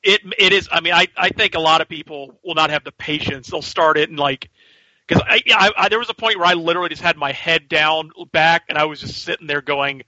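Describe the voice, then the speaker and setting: A man co-hosting a podcast in casual chat, excitable and rambling, swearing freely. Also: fairly high pitch, fairly quick, no room sound, muffled recording. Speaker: podcast co-host.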